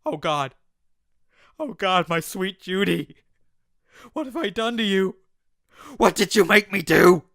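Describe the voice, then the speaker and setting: A man voicing a violent male puppet husband who shouts and then panics in a rush. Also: sits high, lively intonation, slow pace, creaky, pauses often, dry recording, studio quality, pitched above the performer's own voice, heavily acted. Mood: panicked.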